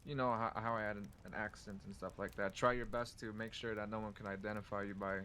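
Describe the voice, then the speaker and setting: A man chatting in character during a game roleplay, halting and searching for words. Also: fairly low pitch, steady tone, bright, forceful tone, a little hiss or hum. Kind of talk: casual in-character roleplay chat.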